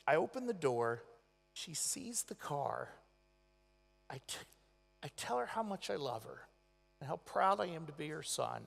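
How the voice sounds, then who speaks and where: A male motivational speaker on a convention stage. He tells stories dramatically, with a lively, rising and falling pitch, and swings from loud to nearly hushed. The sound comes from a large echoey hall. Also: moderate pace, creaky, faint music behind.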